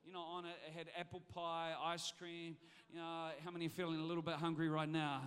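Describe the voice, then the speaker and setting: High, bright-voiced preacher in a big hall. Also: male voice, monotone, fairly quick, clear, resonant tone. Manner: swings between shouted exhortation and chatty storytelling; humorous, conversational asides to the congregation. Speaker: pastor. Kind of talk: sermon. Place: church hall. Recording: long reverb of a large hall.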